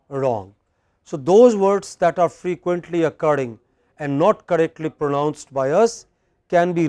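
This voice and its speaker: A man's voice: sits high, mellow, dry recording. A man lecturing a class as a teacher, drilling pronunciation and checking in with questions.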